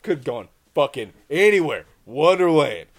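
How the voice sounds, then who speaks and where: A man in his thirties tells stories in loose, casual chat. His voice sits fairly high and swings widely in pitch, and he swears freely as he acts out the other people in his stories. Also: big pitch swings, normal speed. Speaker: podcast co-host, father.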